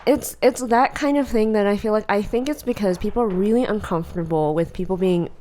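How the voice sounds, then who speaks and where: A woman co-hosting a podcast in casual chat, blunt and opinionated, telling stories in an animated way. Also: mid-range voice, fairly quick, a little hiss or hum. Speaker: podcast co-host.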